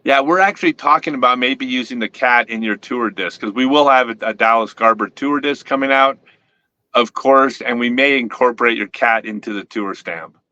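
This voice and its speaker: Bright-voiced man, rambling and playful. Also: mid-range voice, moderate pace, lo-fi sound. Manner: rambling with frequent restarts, playful teasing. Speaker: host, disc company owner. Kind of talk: casual interview chat.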